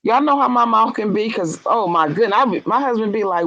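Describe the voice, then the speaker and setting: A woman's voice: on the high side, animated, a little fast, fairly bright tone, no echo, highs cut off. A woman in casual chat, telling stories bluntly and animatedly with frank, salty language.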